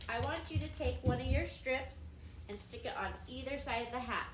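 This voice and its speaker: A young adult woman teaching a recorded preschool lesson, speaking in a slow, sing-song, encouraging way to toddlers. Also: sits high, roomy sound, heavy background noise.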